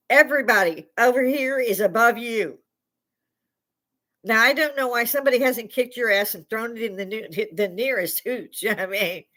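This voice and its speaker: An older woman from Chicago, United States, hosts a live stream and rants her opinions bluntly and heatedly in a Chicago accent, swearing plenty. Her voice is a little high, bright, and forceful.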